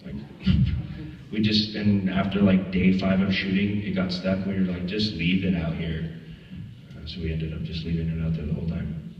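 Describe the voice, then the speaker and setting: A man telling lively anecdotes at a film Q&A, acting out voices and laughing often. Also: sits low, moderate pace. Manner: animated storyteller, acts out quotes, laughs often. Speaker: actor answering audience questions. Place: festival screening hall. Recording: echoey hall from far off, dull audio.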